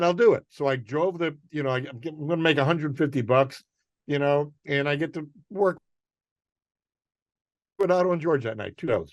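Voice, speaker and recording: A man's voice: a little high, no echo. Older man telling a rambling comedy anecdote. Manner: rambling, animated storytelling with restarts and acted quotes. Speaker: guest comedian.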